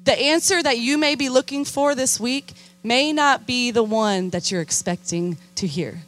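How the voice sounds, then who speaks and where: Animated young woman preaching a sermon. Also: on the high side, moderate pace, no room sound. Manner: animated, emphatic, calls for "Amen?" responses. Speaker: youth minister and preacher.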